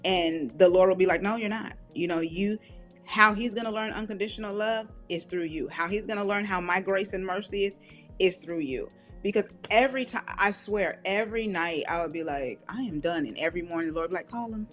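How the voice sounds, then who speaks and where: A middle-aged woman, an author and podcast guest, telling candid personal stories in an animated way, acting out quoted voices and laughing often. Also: fairly low pitch, fairly quick, faint music behind. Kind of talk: candid conversational storytelling.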